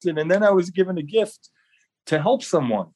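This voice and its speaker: A man's voice: high voice, animated, a little fast, a little mellow. A man talking earnestly as an interview guest, often repeating words as he speaks. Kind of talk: casual interview talk.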